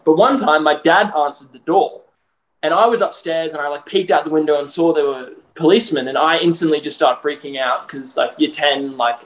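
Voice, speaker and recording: A man's voice: fairly high pitch, brisk. A young Australian man co-hosting a podcast, telling a story in casual chat with lots of fillers and laughs. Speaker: podcast co-host. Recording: roomy echo.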